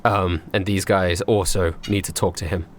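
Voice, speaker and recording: A man's voice: low voice, fairly even intonation, moderate pace, slight background noise, close to an everyday voice. A man voicing a nervous male clown underling who speaks hesitantly and deferentially.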